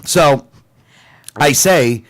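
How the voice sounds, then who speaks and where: A man's voice: fairly high pitch, extremely slow. A man co-hosting a radio talk show, animatedly retelling a phone call with many restarts and quoted lines. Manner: animated storyteller, lots of restarts and quoted dialogue.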